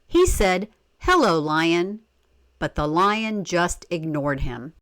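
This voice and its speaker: Woman reading a story aloud, slow and lively. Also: lowish voice, no room sound. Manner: expressive, asks the listener questions. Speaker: story reader. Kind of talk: children's storybook read-aloud.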